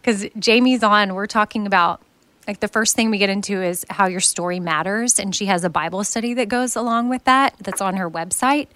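A woman's voice: medium pitch, brisk, a bit bright. A woman in her thirties hosting a podcast, chatting casually and laughing often. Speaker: podcast host. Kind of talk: casual chat.

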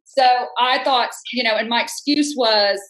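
A woman's voice: fairly high pitch, unhurried, poor audio. A woman in her fifties, a podcast guest, telling a personal story frankly and acting out what people said. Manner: animated, acts out quoted speech, frank. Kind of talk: conversational storytelling.

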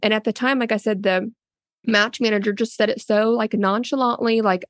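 A woman's voice: fairly high pitch, fairly even intonation, brisk, no room sound, studio quality. A woman telling her own story in an interview, earnest and loose, with many fillers and restarts, often quoting others in a raised voice. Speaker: interviewee, a surrogate. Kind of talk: casual spoken interview.

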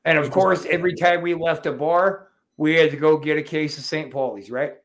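A man telling profane, animated stories as a guest in a casual chat. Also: fairly high pitch, fairly quick. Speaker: wrestling promoter guest.

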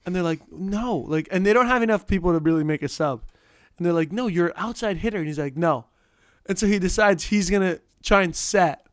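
A man's voice: fairly high pitch, dry recording, clean studio sound. A young man co-hosting a casual chat, rambling and laughing as he tells stories.

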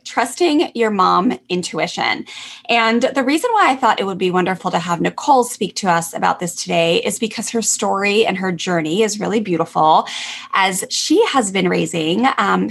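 A woman's voice: medium pitch, gravelly, a bit bright, husky. A middle-aged woman from California hosting a podcast, talking in an effusive, encouraging, casual way. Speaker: podcast host.

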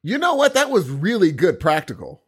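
A man's voice: high voice, very animated, normal speed, breathy edge. A middle-aged man co-hosting a podcast in casual chat, joking and trailing off mid-sentence, a bit under the weather. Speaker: podcast co-host.

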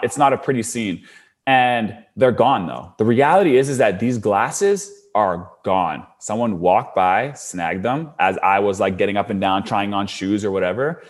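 A man's voice: lowish voice, breathy edge. A young adult man casually telling a long personal story, with lots of "like" fillers and his voice rising when he gets worked up. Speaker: storyteller guest.

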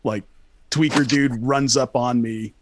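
A man's voice: medium pitch, steady tone, unhurried, no room sound. Young male host, casual story, swears a lot, very dry close sound. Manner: rambling, profane, lots of fillers and restarts.

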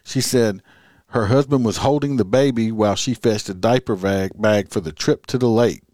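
A man's voice: on the low side, moderate pace, a little mellow, no room sound, studio quality. A man reading a news story aloud, breaking in with sarcastic, profane commentary.

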